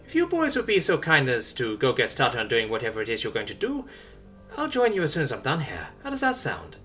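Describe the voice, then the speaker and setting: A man voicing a brisk, unflappable young woman governor who talks bluntly and stubbornly. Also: medium pitch, wildly swooping pitch, sharp tone, faint music behind. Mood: insistent. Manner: blunt, stubborn, matter-of-fact.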